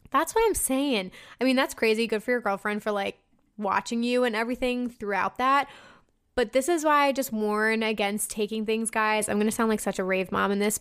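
A woman's voice: on the high side, a bit bright, smooth. A young woman hosting a casual podcast, chatting frankly and swearing freely, with lots of likes and fillers as she reads listener emails.

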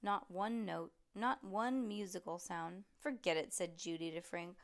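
A woman's voice: fairly low pitch, measured pace, creaky. A woman reading a children's chapter book aloud. She voices the characters as she goes and stumbles on words now and then. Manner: lively, animated reading with voiced characters and frequent slips. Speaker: storybook reader.

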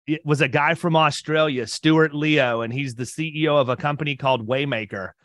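A man's voice: on the high side, fairly quick, a bit bright, dry recording. A man in his fifties hosting a podcast, talking in a loose, rambling way with many restarts. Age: 50s. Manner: talkative, rambling with frequent restarts. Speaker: podcast host. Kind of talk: casual interview chat.

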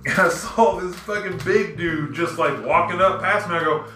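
A man in casual chat, swearing freely and telling animated stories. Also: sits high, normal speed, echoey room, soft background music. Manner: profane, animated storyteller.

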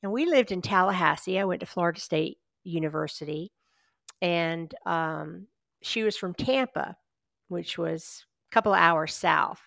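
Brief: low, gravelly woman, chatty storyteller, dry close sound. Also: unhurried, fairly bright tone, dry recording. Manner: chatty, anecdotal storyteller who laughs along. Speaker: paranormal investigator guest. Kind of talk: casual storytelling interview.

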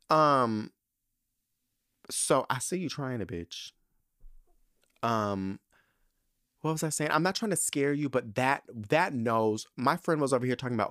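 A young man hosting a podcast, telling a story in a sassy, animated way with lots of emphatic repetition. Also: medium pitch, unhurried, smooth, no echo, studio quality. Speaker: podcast host. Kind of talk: casual podcast monologue.

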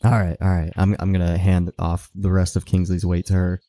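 A man with a low, dark, mellow voice, taking part in a tabletop role-play. He talks hesitantly and often restarts his sentences, and the sound is dry and close. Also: flat delivery, fairly quick, no echo. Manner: hesitant, stumbling. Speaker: player.

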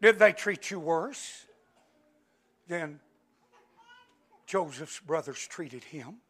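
A male preacher delivering an impassioned sermon, dropping to a hush and then shouting, with frequent amens. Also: on the high side, animated, extremely slow, breathy edge. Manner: impassioned, swings between hushed and shouting, peppered with amens. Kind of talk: Pentecostal-style sermon.

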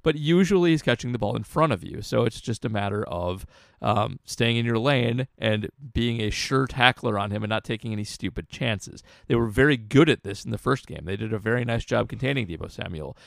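A man co-hosting a sports podcast, analyzing football in a casual, halting way with frequent restarts. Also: mid-range voice, animated, creaky, dry recording, studio quality.

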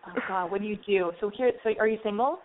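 A woman's voice: medium pitch, fast. A woman hosting a casual advice chat, talking loosely and acting out little scenes. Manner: chatty, acts out scenes with quoted voices. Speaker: advice show host. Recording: tinny phone-like sound with faint noise.

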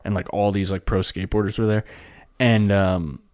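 A man's voice: fairly low pitch, normal speed, no room sound, studio quality. A young man from Pennsylvania, a comedian, chatting casually on a podcast and telling rambling, swearing stories. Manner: rambling, swearing, animated storytelling with voices.

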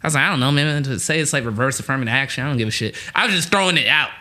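Bright-voiced man telling stage stories. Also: medium pitch, very fast. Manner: profane, storytelling with quoted voices, laughs a lot. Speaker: comedian and podcast co-host. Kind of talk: casual podcast banter.

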